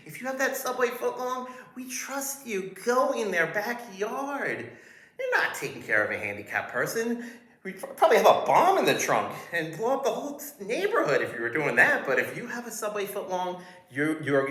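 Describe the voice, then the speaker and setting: A man voicing an overeager, fawning male security guard in a high, drawn-out, laughing voice, recorded in a roomy space. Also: bright, forceful tone, full character voice. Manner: squealing, drawn-out, laughing through words. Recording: roomy echo.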